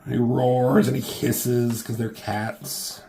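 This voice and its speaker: A man's voice: medium pitch, level tone, slow pace, a crowd in the background. A man giving a casual comic book review, rambling and joking with lots of swearing.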